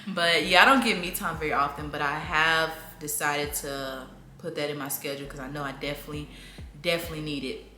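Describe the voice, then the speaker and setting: A young woman vlogger answering viewers' parenting questions in a casual sit-down chat, laughing often and breaking into lively, high voices when she acts out talking to her toddler. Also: brisk. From southern United States. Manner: chatty, laughs often, lively acted-out baby-talk bursts. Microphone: camera mic. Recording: echoey room, faint room noise.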